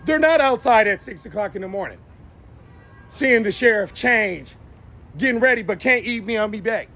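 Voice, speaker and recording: Calling people out by name, this host of his own show rants fiercely and confrontationally, live from a downtown city street. He speaks at a moderate pace in a very high, a bit bright voice with lively intonation.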